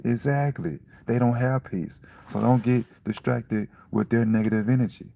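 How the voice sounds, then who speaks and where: A man giving a casual, profane motivational talk about staying calm, repeating himself to press his point. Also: medium pitch, normal speed, creaky. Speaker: vlogger.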